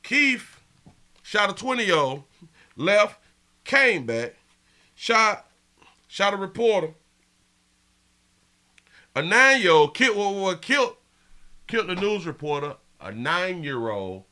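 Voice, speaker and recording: Man, show host, live commentary, loose and animated, bright sharp voice, high-pitched. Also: takes it slowly, long pauses. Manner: animated, loose, talking straight to viewers.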